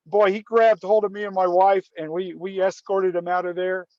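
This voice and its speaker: A man's voice: sits high, flat delivery, moderate pace, a little mellow, dry recording, muffled recording. A man telling a story in casual conversation, often restarting and repeating words. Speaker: guest storyteller.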